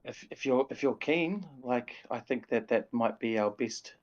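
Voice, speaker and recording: A man's voice: mid-range voice, unhurried, darkish tone. A man playing in a tabletop game, speaking casually and a bit tentatively. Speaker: player. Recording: dull lo-fi sound.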